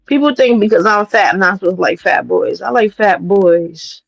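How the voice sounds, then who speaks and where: A woman from New York City hosting a livestream, talking in a blunt, profane and animated way as she gives her commentary. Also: mid-range voice, normal speed, vocal fry, no room sound, muffled recording, soft background music. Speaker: streamer host.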